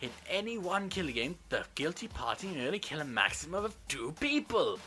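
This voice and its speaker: A man's voice: on the high side, sing-song, fairly quick, pushed and bright, pitched above the performer's own voice. A man voicing a gleeful, sadistic male bear mascot in a sing-song, taunting manner, over game music. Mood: smug.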